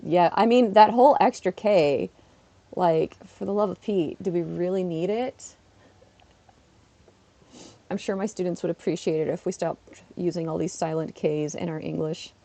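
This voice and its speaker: A woman's voice: on the low side, measured pace, mellow, no room sound. A woman, a schoolteacher, chatting casually on a live stream while playing, laughing often and talking back to her chat. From Canada.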